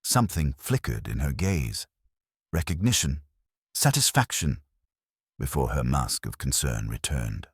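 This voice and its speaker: A man's voice: rumbling low, very animated, measured pace, breathy edge, no room sound, clean studio sound. A man giving scripted audiobook narration of a mystery story with dramatic storytelling.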